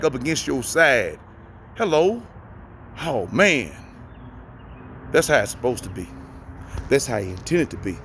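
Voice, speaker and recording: A middle-aged man talks from inside a vehicle, handing out folksy life advice in an animated, preachy way. His voice sits high and jumps all over the place as he drives his points home. He keeps repeating phrases for emphasis, with a faint hum behind him. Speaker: vlogger giving life advice. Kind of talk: casual motivational talk.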